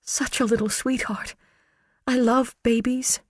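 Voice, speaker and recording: A man voicing a frightened, tearful woman witness who speaks in a trembling, hushed voice. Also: extremely high pitch, a little slow, no echo, clean studio sound, pitched above the performer's own voice.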